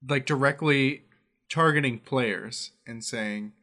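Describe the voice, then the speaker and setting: A man's voice: mid-range voice, takes it slowly, sharp tone. A man co-hosting a casual podcast chat, earnest and explanatory. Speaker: podcast co-host.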